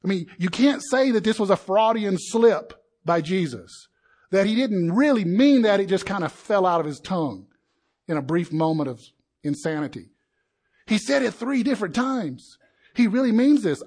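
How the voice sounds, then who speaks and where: A man preaching a sermon in an animated way, acting out the crowd's voices and building to indignant peaks. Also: high-pitched, normal speed, slightly rough.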